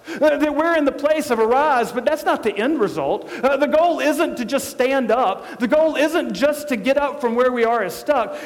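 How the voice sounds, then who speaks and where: A male pastor preaching a sermon with passion, swinging between soft, slow phrases and quick ones. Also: extremely high pitch. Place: church sanctuary. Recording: long reverb of a church sanctuary.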